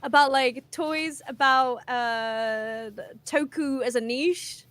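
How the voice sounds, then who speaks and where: A woman's voice: sits high, slow, noisy background. A woman from England with a hard-to-place southern English accent, a guest on a casual stream chat, bubbly and rambling.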